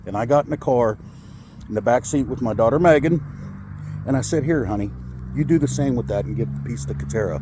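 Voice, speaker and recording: A man's voice: medium pitch, fairly quick, noisy background. A man in his forties telling a personal story in a vlog, angry and upset, swearing and rambling with many fillers. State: upset, shaky with anger. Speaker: vlogger. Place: in a car.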